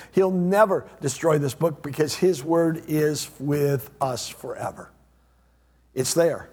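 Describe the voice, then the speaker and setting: A man preaching a sermon as pastor, repeating phrases and swinging between loud emphatic lines and hushed low ones. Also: husky. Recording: long hall reverb.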